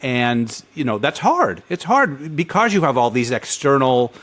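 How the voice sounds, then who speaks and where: A man co-hosting a casual interview, speaking earnestly with halting restarts. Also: medium pitch, sing-song, fairly bright tone. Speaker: podcast co-host. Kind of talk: casual chat.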